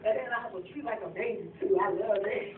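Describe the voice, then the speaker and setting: A woman's voice: mid-range voice, fast, narrow, tinny audio, slight background noise. A middle-aged woman, telling heartfelt family stories as she addresses her parents at their anniversary. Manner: storytelling, emotional, addresses parents directly. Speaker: daughter giving an anniversary speech. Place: family gathering in a room. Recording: far-off echoey phone recording.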